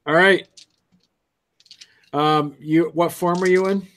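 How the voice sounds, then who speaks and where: Man, game master, tabletop narration, slow, hesitant, fairly high. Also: fairly even intonation, a bit bright. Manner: hesitant, many ums and restarts.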